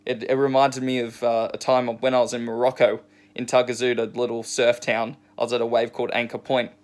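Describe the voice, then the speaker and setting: A man rants casually about his day at the beach, rambling along with lots of "like" and "uh". His voice sits at a middling pitch and stays quite flat throughout. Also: brisk. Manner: rambling, many fillers. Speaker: surf vlogger. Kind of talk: casual storytelling rant.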